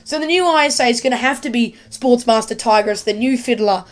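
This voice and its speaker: Woman, casual show review, excitable, rambling, fairly high voice. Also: brisk. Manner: excitable, rambling, many fillers. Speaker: YouTube TV reviewer.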